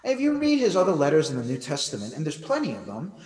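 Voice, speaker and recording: Animated preacher in an echoey hall. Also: male voice, fairly high pitch, fast. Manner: animated, emphatic preaching with conversational asides. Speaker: pastor. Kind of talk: sermon. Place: church hall. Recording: echoey church hall, voice from far off.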